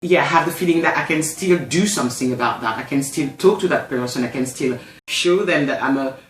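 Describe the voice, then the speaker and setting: A woman's voice: a bass voice, fairly quick, roomy sound. A woman from France with a French accent, talking in a casual discussion and often searching for her words. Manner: hesitant, searching for words, many restarts.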